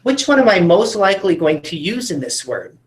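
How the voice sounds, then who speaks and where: A man's voice: high voice, big pitch swings, fairly quick. Patient male teacher in roomy echo. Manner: patient, coaxing, with tag questions. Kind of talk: phonics lesson for children.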